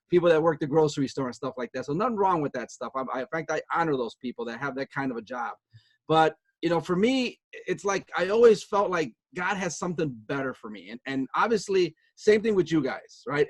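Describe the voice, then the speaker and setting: A man in his fifties giving a motivational talk from home on a video call, chatty and long-winded, repeating himself as he goes. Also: no echo. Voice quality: upbeat and chatty, high-spirited. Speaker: guest speaker on a video call. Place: home with pet dogs nearby.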